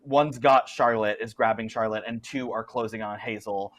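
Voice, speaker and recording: A man running a tabletop horror game as game master, narrating animatedly and often laughing. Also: on the low side. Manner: animated, quick to laugh, filler-heavy.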